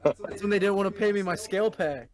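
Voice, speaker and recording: A man's voice: high voice, quick pace, over a noisy crowd. A man co-hosting a podcast, joking and teasing his friends in casual chat and swearing freely. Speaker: podcast co-host.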